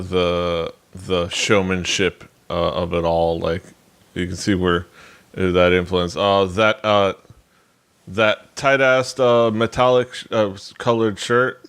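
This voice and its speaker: A man's voice: low-pitched, little pitch movement, takes it slowly, fairly bright tone, clean tone. A man co-hosting a music podcast, talking casually and rambling with many fillers and restarts. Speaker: podcast co-host. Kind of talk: casual chat about music.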